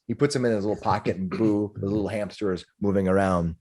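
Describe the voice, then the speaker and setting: A man's voice: lowish voice, fairly even intonation, quick pace, darkish tone. A man narrating as game master of a tabletop game, rambling and restarting as he goes.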